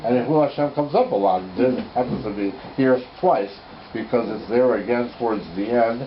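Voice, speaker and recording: There's a little hiss or hum on this slightly muffled home recording of a man's informal Torah code lesson. His medium-pitched voice runs at normal speed as he enthusiastically works through ideas aloud, correcting himself as he goes.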